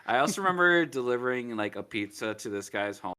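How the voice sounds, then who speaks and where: A man's voice: medium pitch, lively intonation, fast, sharp tone, smooth. A man in his twenties co-hosting a podcast, telling rambling work anecdotes in casual chat. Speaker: podcast co-host.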